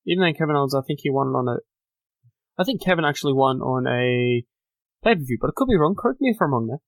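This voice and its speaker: A man's voice: mid-range voice, expressive, fast talker, gravelly, no room sound. A man hosting a solo podcast, giving a chatty, opinionated recap of the week's wrestling shows. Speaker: podcast host.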